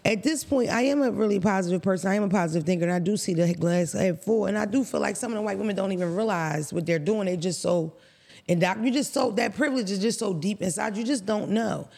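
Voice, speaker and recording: A woman co-hosting a podcast, telling a story in a blunt, profane, animated way. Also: medium pitch, fast talker, gravelly. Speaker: podcast co-host.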